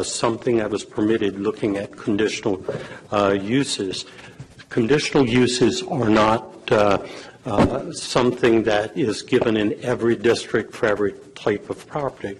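A man giving legal advice at a public meeting, in a measured, halting way with many fillers, and losing his voice. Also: lowish voice, husky, poor audio. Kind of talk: advising at a council meeting.

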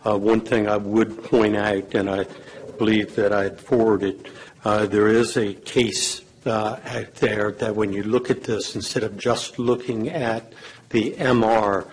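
Guy losing his voice, low pitch, giving legal advice at a council meeting, slow and halting with lots of uhs, faint hiss behind. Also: steady tone, poor audio. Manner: measured, halting, many fillers. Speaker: legal counsel at a public meeting.

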